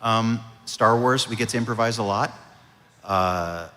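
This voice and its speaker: A man, a voice actor, answering audience questions at a convention panel in a relaxed, storytelling way. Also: on the low side, unhurried. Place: convention hall. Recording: reverberant convention hall.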